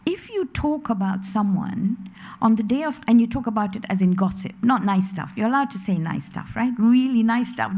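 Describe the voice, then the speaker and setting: A woman's voice: fairly high pitch, darkish tone. A middle-aged woman giving a religious lecture to a women's gathering, chatty and anecdotal, mixing in stories and quoted voices. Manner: conversational, anecdotal, with quoted voices and Arabic recitation. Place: community centre lecture hall.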